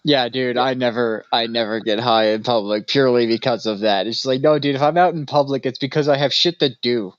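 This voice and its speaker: A man's voice: mid-range voice, brisk, hardly any pauses, dry recording. A man co-hosting a podcast in casual chat, a loose, rambling storyteller who laughs often. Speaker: podcast co-host. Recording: dry, slightly dull recording.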